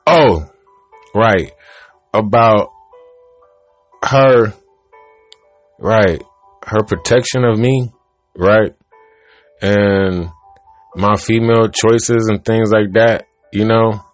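A man's voice: on the low side, very slow, pauses often, faint music behind. A man hosting a podcast, casually telling an old joke in a rambling, profane way that keeps interrupting itself. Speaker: podcast host.

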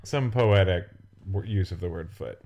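Man, podcast co-host, lowish voice, wry offhand chat. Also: normal speed, darkish tone. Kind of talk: casual chat recapping a TV episode.

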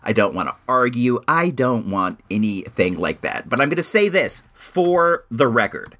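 A young man ranting in a casual monologue, emphatic and swinging high when worked up. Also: sing-song, moderate pace, a bit bright. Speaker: vlogger.

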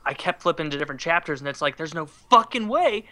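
A man co-hosting a podcast in casual chat, excitable and profane, telling stories between laughs. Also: on the high side, quick pace, no echo.

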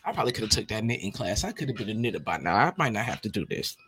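A man hosts his own podcast as a casual monologue, rambling, joking and laughing in a lively way. He talks rapid-fire in a lowish voice.

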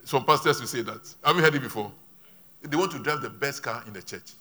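Bright-voiced preacher, emphatic man. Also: medium pitch, fairly quick. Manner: emphatic preaching with sudden loud rises and quiet asides. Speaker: pastor. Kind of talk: sermon.

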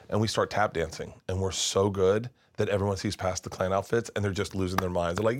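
A man with a low voice tells a rambling story in casual conversation. He restarts his sentences often and stumbles over words as he goes. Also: brisk, few pauses. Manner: rambling, animated, many restarts, acts out voices. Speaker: guest storyteller.

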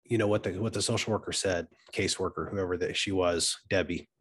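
A man's voice: low voice, steady tone, brisk. A man hosting a podcast interview, giving frequent short agreements and asking follow-up questions. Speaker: podcast host. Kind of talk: conversational interview.

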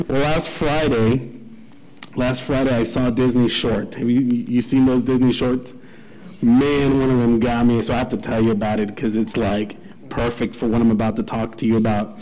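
A man in his thirties, a pastor, opening with prayer and then animatedly telling a story in a sermon, with poor audio quality. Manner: animated, acts out a dog's delight. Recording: low-quality radio-like audio.

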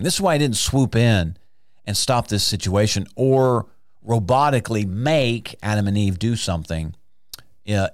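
In a studio podcast, a man with a fairly low voice teaches the Bible as if giving a sermon: emphatic, questioning rhetorically, lengthening crucial words. There is no echo.

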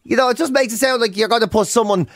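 A man's voice: extremely high pitch, fast, no room sound, clean studio sound. An Irish man co-hosting a radio breakfast show, chatting casually and slipping into mock voices as he tells stories. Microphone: studio microphone.

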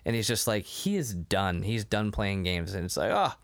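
A man's voice: on the low side, big pitch swings, normal speed. A man co-hosting a podcast in casual chat, who laughs often and acts out the lines of the people he talks about. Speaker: podcast co-host.

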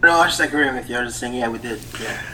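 Haitian-born guy in his 30s, bright kinda sharp voice, lots of ums, faint noise on the call. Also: medium pitch, racing, rough recording. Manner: laughing easily, hesitant with many ums. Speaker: guest writer. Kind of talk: casual podcast interview.

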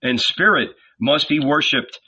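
A man reading an audiobook, voicing a calm, patient teacher figure. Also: on the high side, unhurried, breathy edge, full character voice, rough recording. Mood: solemn. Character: calm gentle male teacher, patient and solemn.

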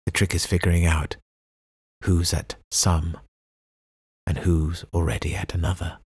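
A man reading a novel aloud as an audiobook narrator, in a measured, even storytelling delivery. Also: low voice, slightly rough, no room sound, studio quality. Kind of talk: scripted narration.

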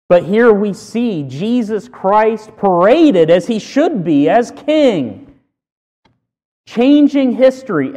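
A man preaching a sermon with earnest emphasis, punching key words loudly between pauses. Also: sits high, in a large hall. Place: church sanctuary.

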